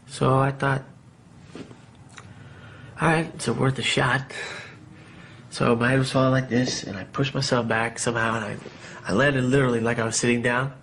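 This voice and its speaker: A man's voice: medium pitch, fairly bright tone, slight background noise. A man giving a candid, rambling personal testimony in an interview, with many fillers and restarts. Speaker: interviewee recounting his own story. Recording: music playing under the voice.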